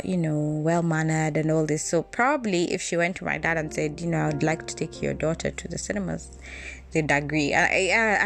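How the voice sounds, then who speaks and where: A woman's voice: deep voice, creaky. A woman from Kenya, hosting a podcast and telling a personal story in a candid, reflective way. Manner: candid, reflective, with frequent restarts. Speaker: podcast host.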